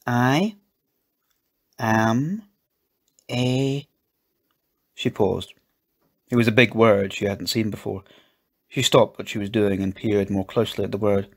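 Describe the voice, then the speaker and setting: A man reading a children's story aloud, in a gentle, measured storybook narration. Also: on the low side, little pitch movement. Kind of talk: scripted narration.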